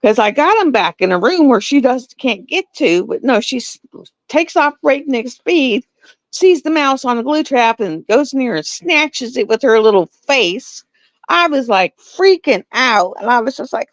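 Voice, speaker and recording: A middle-aged woman, hosting a livestream and telling stories in a casual, animated way. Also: on the high side, moderate pace, dry recording. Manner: animated storytelling with laughs. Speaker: livestream host. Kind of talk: casual chat. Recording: dull lo-fi dry sound.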